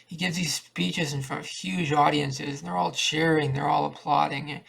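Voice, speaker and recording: A man's voice: on the high side, moderate pace, creaky, few pauses, fairly bright tone, husky. A man rambling in a downbeat, repetitive confessional monologue to a cheap webcam at home. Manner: downbeat, repetitive, thinking aloud. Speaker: vlogger.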